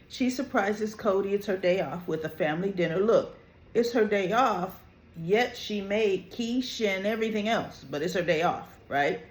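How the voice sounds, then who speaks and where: A host giving an animated, opinionated casual review of a soap opera episode, with frequent "you know" and "right?" asides. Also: medium pitch, reverberant. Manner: animated, opinionated, quotes characters in lively voices.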